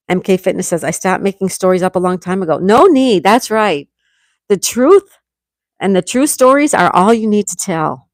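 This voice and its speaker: A woman's voice: medium pitch, darkish tone, no echo. Woman in her 60s from New York State, livestream host, chatty, reads comments aloud, dry close sound. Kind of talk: casual live chat reading comments.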